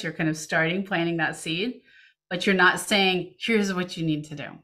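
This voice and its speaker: A woman's voice: on the low side, moderate pace, bright, forceful tone. A woman presenting a parenting webinar over a video call. She coaches parents in a reassuring way and reads questions from the chat aloud. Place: home setup, remote webinar. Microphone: computer mic on video call.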